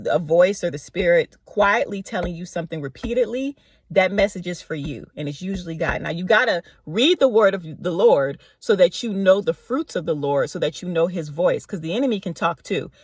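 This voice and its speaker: A woman telling a casual faith storytime in an animated way, acting out the people she quotes with slangy asides. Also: mid-range voice, dry recording, clean studio sound. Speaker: faith vlogger.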